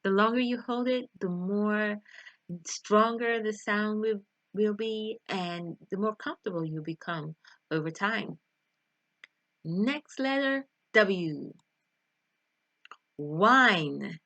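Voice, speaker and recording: A woman's voice: mid-range voice, takes it slowly, dry recording. A woman teaching English pronunciation in an online video lesson, speaking carefully and exaggerating each sound in drills.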